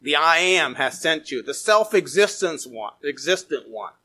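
A man preaching a sermon in a fairly high voice. He reads scripture aloud and explains it, rising to emphatic peaks and then falling back to quiet, low phrases. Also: animated, moderate pace, slightly rough. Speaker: pastor.

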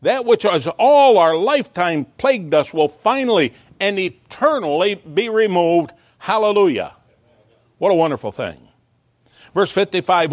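A man's voice: a little high, sing-song, unhurried, dry recording, studio quality. A man preaching a sermon as pastor, earnest and building to emphatic peaks, with small stumbling asides.

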